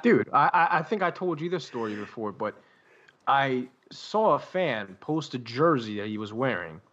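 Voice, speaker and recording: A man co-hosting a podcast in casual chat, cursing freely and telling animated stories. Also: medium pitch, normal speed. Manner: profane, animated storyteller. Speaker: podcast co-host. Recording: dull lo-fi sound.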